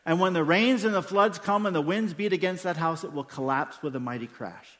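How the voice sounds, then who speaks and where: A pastor delivers an emphatic sermon, throwing rhetorical questions at his congregation. His voice sits high for a man. The sound carries the long reverb of a church hall. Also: brisk, a bit bright. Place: church sanctuary during a service.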